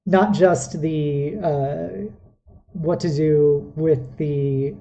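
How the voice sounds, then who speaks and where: Dark-voiced woman game master. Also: low voice, extremely slow, muffled recording. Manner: relaxed, rambling, hesitant. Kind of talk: narrating a tabletop game.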